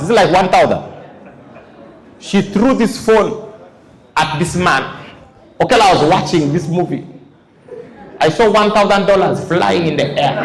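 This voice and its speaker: A man doing stand-up comedy in front of a live audience, telling animated stories and acting out his characters. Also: high voice. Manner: animated storytelling, acts out characters. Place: large live venue. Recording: echoey hall, loud crowd laughter.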